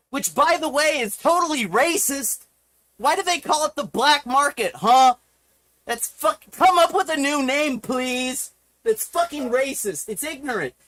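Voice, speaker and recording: High voiced woman streamer ranting and swearing, drawn out delivery. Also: fairly bright tone. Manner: profane, heated ranting. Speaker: live streamer. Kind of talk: ranting livestream.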